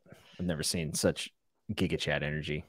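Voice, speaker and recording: A man hosting a casual podcast chat, joking and laughing often, his voice trailing off quietly at the ends of lines. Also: a bass voice, level tone, a little fast, no echo, studio quality. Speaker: podcast host.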